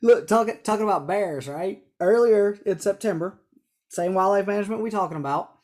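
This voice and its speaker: A man, a guest telling an animated hunting story and acting out the dialogue. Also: high voice, fairly quick. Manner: animated, laughing storyteller who acts out dialogue. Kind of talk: casual storytelling chat.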